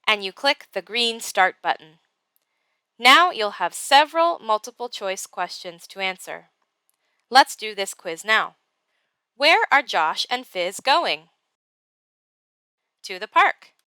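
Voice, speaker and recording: A woman's voice: medium pitch, big pitch swings, slow, pauses often, bright, forceful tone, clear, resonant tone, no room sound. A woman teacher patiently explaining a reading program step by step and reading a picture book aloud. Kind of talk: classroom tutorial and read-aloud.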